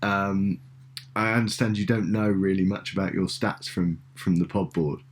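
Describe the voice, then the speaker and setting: A man's voice: sits low, level tone, moderate pace, a little hiss or hum. A man from Britain hosting a podcast interview, asking rambling, hesitant questions with fillers. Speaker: podcast host. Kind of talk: conversational interview.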